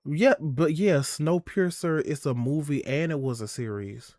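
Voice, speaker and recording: A man's voice: on the high side, unhurried, darkish tone, dry recording. Young guy streaming, sassy and gossipy, talks to chat like friends, dry sound. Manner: sassy, chatty, swearing, calls chat "girl" and "y'all". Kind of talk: casual live-stream chat.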